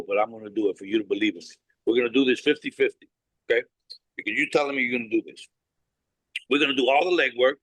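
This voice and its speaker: A man's voice: medium pitch, fairly bright tone, breathy edge, dry recording, rough recording. A blunt, no-nonsense man, a cigar company founder, telling a story in an interview, acting out both sides of a conversation and swearing freely.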